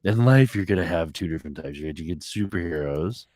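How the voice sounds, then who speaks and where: A man co-hosting a live stream, joking around in relaxed casual chat. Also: extremely low pitch, fairly quick, dry recording, clean studio sound.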